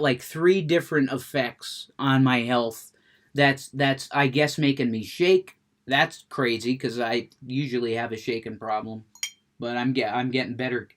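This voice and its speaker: A man ranting with heavy cursing, getting worked up, then chatting about a video game he is playing. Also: mid-range voice. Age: adult, smoker. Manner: profane, ranting, gets worked up, curses a lot. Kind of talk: unfiltered rant and gameplay chat.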